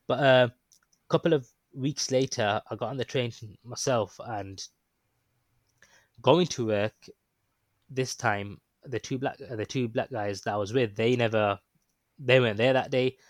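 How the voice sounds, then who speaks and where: A man's voice: lowish voice, dry recording. A man casually telling a story, rambling and hesitant with lots of ums and restarts. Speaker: guest recounting his experience.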